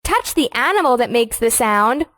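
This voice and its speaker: A woman voicing a cheerful young farmer who guides children through a game, speaking slowly in a sing-song, encouraging way. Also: a little high, very animated, a bit bright, no room sound, studio quality. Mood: sunny, encouraging. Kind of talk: scripted children's game voice-over.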